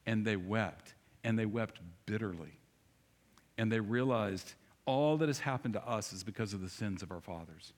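A man preaching a sermon to a congregation in a church, animated and speaking straight to the people with rhetorical questions. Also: lowish voice, moderate pace, long reverb tail. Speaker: pastor. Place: church sanctuary.

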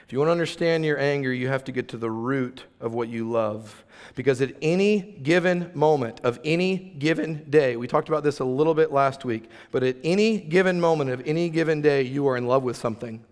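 A man's voice: medium pitch, brisk, darkish tone. Man preaching in a reverberant hall. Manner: conversational, emphatic, with playful asides to the room. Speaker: pastor. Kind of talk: sermon. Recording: long reverb of a large hall.

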